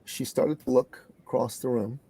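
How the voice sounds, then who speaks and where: A middle-aged man from Canada telling a story in an interview as a guest business coach, earnest and animated. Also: medium pitch, normal speed, vocal fry, slightly rough.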